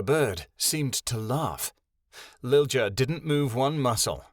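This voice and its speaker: A man narrating a fantasy audiobook in a measured, dramatic storytelling way, close to the mic. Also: mid-range voice, lively intonation, no echo. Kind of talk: scripted narration.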